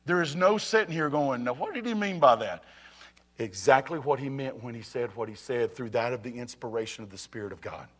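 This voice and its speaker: High-voiced preaching pastor, conversational. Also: male voice, a bit bright. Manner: conversational preaching, asks "you ready?", repeats phrases. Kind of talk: sermon. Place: church sanctuary.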